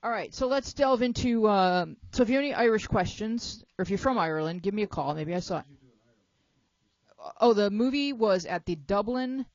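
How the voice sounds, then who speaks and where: A woman's voice: medium pitch, lively intonation, moderate pace, dry recording, highs cut off. A woman hosting a talk show in a chatty, playful way, jet lagged and joking with her young panel. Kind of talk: casual chat.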